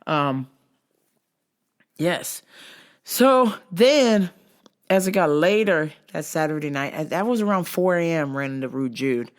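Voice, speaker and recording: Podcast host, woman, low voice that swings wide, crude and lively storyteller. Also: a little slow, long pauses. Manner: profane, animated, laughing storyteller. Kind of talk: casual storytelling recap.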